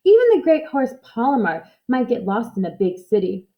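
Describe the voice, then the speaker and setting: A woman's voice: fairly high pitch, big pitch swings, moderate pace, muffled recording. A woman voicing a carefree, clever male dog who talks contentedly to himself. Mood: content.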